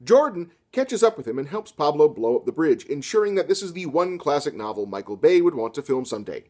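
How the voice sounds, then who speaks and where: A man delivering a satirical scripted literature lecture with deadpan, sarcastic asides. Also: a little high, a little fast. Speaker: comedy lecturer.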